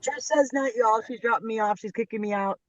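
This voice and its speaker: A man's voice: high voice, a little fast, far from the mic, a little hiss or hum. A man teasing the host on a livestream call, joking as he signs off. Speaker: guest caller. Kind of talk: casual chat. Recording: dull lo-fi call audio.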